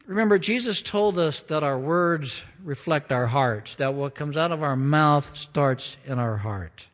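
Guy preaching a sermon, earnest, drags out key words, echoey hall. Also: fairly high pitch. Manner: earnest, emphatic, slows down on key phrases. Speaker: pastor. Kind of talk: sermon with prayer and scripture reading.

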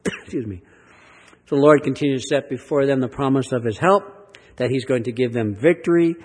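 A man's voice: medium pitch, a little mellow, slightly rough. Man, pastor, sermon, emphatic Bible reading, mid-range voice, long hall reverb. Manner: earnest, emphatic Bible teaching with rising and falling delivery.

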